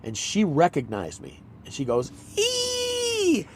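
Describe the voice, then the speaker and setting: An older actor in a casual chat, telling rambling anecdotes and acting out quotes. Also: male voice, mid-range voice, moderate pace, darkish tone, slight background noise. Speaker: actor, guest.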